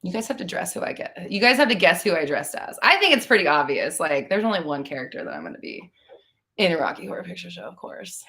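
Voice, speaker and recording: A bright-voiced woman in her thirties chatting casually on a live stream. Her pitch swings widely as she rambles through stories, swearing freely. Her tone stays clear and forward. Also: big pitch swings, fast. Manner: profane, rambling, laughing storyteller. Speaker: podcast host answering live chat.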